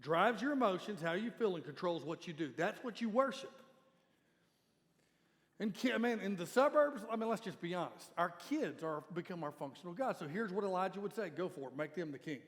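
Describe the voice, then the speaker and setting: High-voiced pastor preaching in a reverberant hall. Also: male voice, expressive, fairly quick. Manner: conversational preaching, direct appeals to the congregation. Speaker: lead pastor. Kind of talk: sermon.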